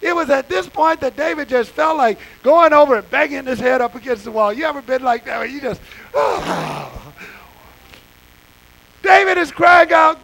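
High, gravelly preacher man. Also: expressive, moderate pace, fairly bright tone, poor audio. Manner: impassioned, conversational preaching with folksy asides. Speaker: pastor. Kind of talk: sermon.

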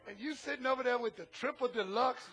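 A man pastor preaching a sermon, animated and often shouting, with humorous asides. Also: extremely high pitch, fast talker, background noise.

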